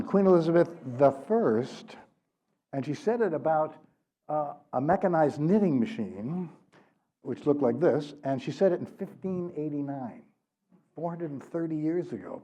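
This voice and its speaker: A man's voice: on the high side, warm tone. An older man giving a public author talk at a library, conversational and often checking in with "right?", in a slightly dull recording. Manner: conversational, keeps asking "right?". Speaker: author and speaker. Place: library event room.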